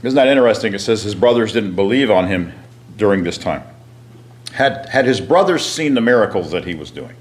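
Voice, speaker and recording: A man teaching a Bible class, reading scripture aloud and asking his listeners questions, often clearing his throat. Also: fairly low pitch. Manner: frequent throat clearing and restarts.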